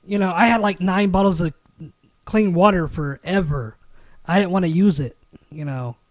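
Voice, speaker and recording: A man from Kentucky with a high voice hosts a loose gaming podcast, joking and swearing freely. His voice is bone-dry, recorded right up on the mic with no room sound. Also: normal speed, no echo. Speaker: podcast host. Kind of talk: casual gaming chat.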